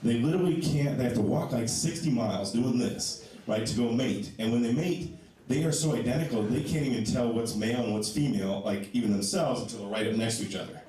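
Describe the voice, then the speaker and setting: A man doing a stand-up comedy set on a club stage, self-mocking and animated, acting out the people he quotes. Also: mid-range voice, a little fast. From Ohio. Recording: echoey club, distant mic, crowd noise.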